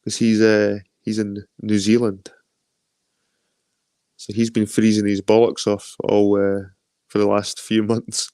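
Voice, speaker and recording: A man's voice: lowish voice, completely flat delivery, takes it slowly, long pauses, mellow, no echo. A Scottish man of around forty hosting a casual livestream, rambling, swearing freely and greeting viewers as he reads their comments. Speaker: livestream host.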